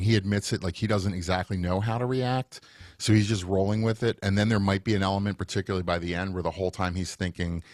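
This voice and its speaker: A man's voice: deep voice, dry recording, clean studio sound. A man co-hosting a TV review podcast, chatting enthusiastically and rambling with fillers. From United States. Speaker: podcast co-host. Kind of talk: casual chat.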